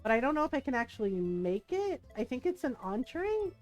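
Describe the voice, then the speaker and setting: Giggly high-voiced woman streamer. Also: fairly quick, faint music behind. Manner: animated, giggly, acts out quoted voices. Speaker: livestream gamer. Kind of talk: casual storytelling to chat.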